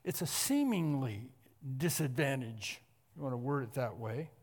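A man preaching an expository sermon, emphatic and repetitive, often clearing his throat. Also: mid-range voice, expressive, moderate pace, a little mellow. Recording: long hall reverb.

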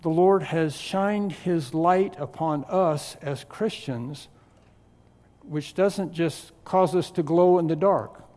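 A pastor delivers a verse-by-verse sermon, his voice sitting a little high for a man. He leans hard on key words, stretching them out for weight. The sound carries a long, ringing hall reverb. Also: darkish tone. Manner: emphatic, drawn-out stresses on key words. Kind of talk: expository sermon.

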